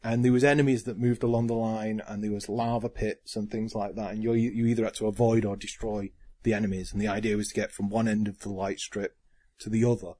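A man's voice: fairly low pitch, flat delivery, fast, mellow. A man co-hosting a casual podcast chat, earnestly explaining things at length with ums and restarts. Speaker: podcast co-host.

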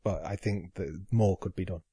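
A man co-hosting a casual podcast, speaking in a measured, hesitant way. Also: deep voice, warm tone. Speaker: podcast co-host. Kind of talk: casual chat.

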